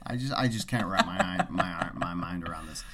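A man's voice: low voice, animated, fairly quick, sharp tone, faint music behind. A man co-hosting a casual podcast, telling joking, rambling stories and swearing freely. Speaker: podcast co-host.

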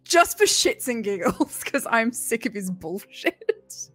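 A woman's voice: fairly high pitch, big pitch swings, slow, fairly bright tone, no echo. A woman playing a tabletop role-playing game, playful and laughing, speaking for her character. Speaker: player.

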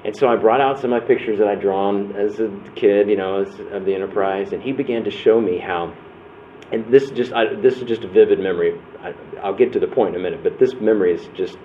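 Male workshop speaker, low-pitched and casual, storytelling, sounds like a phone line. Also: quick pace. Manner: conversational, restarts and acts out quotes. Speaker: breakout session speaker. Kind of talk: storytelling church workshop talk. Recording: tinny phone-like sound with faint noise.

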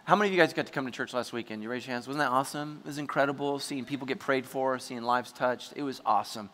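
A man preaching a sermon, telling a story with animated energy and sudden shouts. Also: medium pitch, fast talker, long reverb tail. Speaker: pastor.

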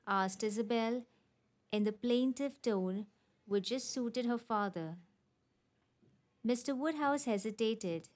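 Woman reading a classic novel aloud, slow and measured, highish voice. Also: darkish tone. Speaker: audiobook narrator. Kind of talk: scripted narration of a classic novel.

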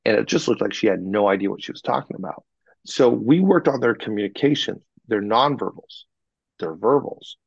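Gravelly low-voiced man coaching, telling stories. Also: normal speed, no room sound, dull audio. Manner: animated anecdotes, acts out clients in quoted voices. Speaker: communication coach. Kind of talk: podcast interview, storytelling.

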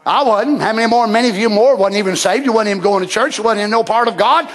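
High-voiced fervent preacher. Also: male voice, fast, hardly any pauses. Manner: fervent, rising to shouts. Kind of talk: sermon.

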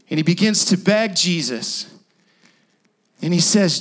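A male pastor preaching a sermon in an emphatic, repetitive style with dramatic pauses. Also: a little high, lively intonation.

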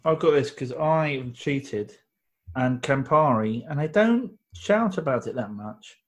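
A man's voice: medium pitch, lively intonation, a little slow. A man co-hosting a casual talk show, making wry, teasing asides. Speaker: podcast co-host. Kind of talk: casual chat.

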